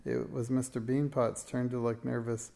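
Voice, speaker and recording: A man narrating a children's storybook as an audiobook reading, in a steady, plain storytelling manner. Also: medium pitch, normal speed, creaky.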